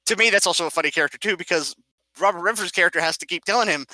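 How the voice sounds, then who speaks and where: A man with a high voice races through animated retellings of film scenes, acting them out and explaining details in a casual conversation about movies. The low-quality recording has no room sound.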